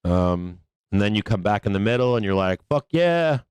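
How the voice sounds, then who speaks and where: This live stock trading stream is hosted by a man whose voice sits low and moves briskly, with a slightly mellow, clean tone and no room sound. His market commentary is casual and full of profanity, and he laughs often while answering made-up viewer questions on his own.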